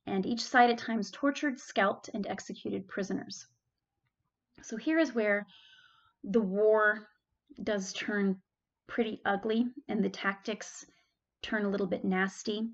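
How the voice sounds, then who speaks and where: A woman's voice: medium pitch, fairly even intonation, unhurried, highs cut off. A woman giving a chatty classroom history lecture, correcting herself and adding asides. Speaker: history teacher.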